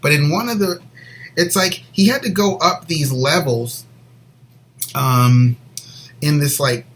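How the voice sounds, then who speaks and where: A man co-hosting a Christian show, sharing a personal faith story in an earnest, rambling way and sometimes dropping to a soft near whisper. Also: a little high, takes it slowly, a little hiss or hum, rough recording. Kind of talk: personal faith testimony, casual chat.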